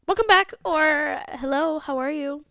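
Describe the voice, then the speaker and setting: A woman's voice: sits high, a little slow, vocal fry, pushed and bright, no room sound. A young woman co-hosting a podcast, talking casually with a giggly, laid-back manner. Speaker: podcast co-host. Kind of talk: casual chat.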